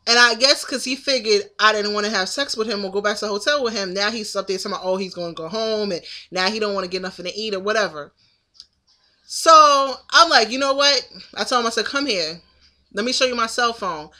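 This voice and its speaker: A woman's voice: medium pitch, quick pace, pushed and bright. A woman in her thirties telling a story to the camera in a casual, indignant venting monologue. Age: 30s. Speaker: vlogger.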